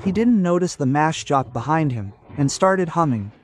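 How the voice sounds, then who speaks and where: A man preaching a sermon with jokes and stories, addressing his listeners as gentlemen. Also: on the high side, animated, normal speed. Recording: audience murmur behind.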